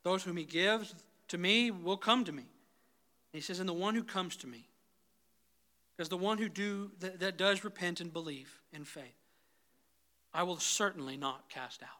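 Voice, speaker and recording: Guy preaching a sermon, kinda high and super bright, gets loud then goes quiet and pleading. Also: normal speed. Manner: swings from loud, rising intensity to soft, low pleading; repeatedly addresses the congregation as "guys". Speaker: pastor.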